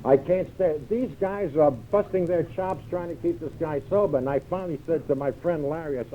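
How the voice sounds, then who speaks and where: A man's voice: fairly high pitch, fairly quick, few pauses, a little hiss or hum. An older American man speaking at a recovery meeting, telling a wry, self-mocking story and acting out the dialogue. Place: large hall with live audience. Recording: dull lo-fi 1978 tape recording.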